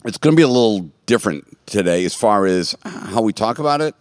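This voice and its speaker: A man with a somewhat low voice hosts a relaxed church talk, joking and rambling, then drifting into quiet asides. The sound is dry and close, with no room around it. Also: a little fast, clear, resonant tone, dry recording. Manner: rambling, jokey, trailing off in soft asides. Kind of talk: casual chat.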